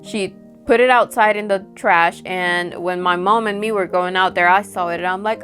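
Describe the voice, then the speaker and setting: A woman of ordinary pitch tells a spooky personal story in a loose, chatty way, sprinkling in fillers. Soft music runs quietly behind her. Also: fairly even intonation, moderate pace. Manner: chatty, peppered with "like" and acted-out quotes. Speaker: storytime vlogger. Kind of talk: casual spoken storytelling.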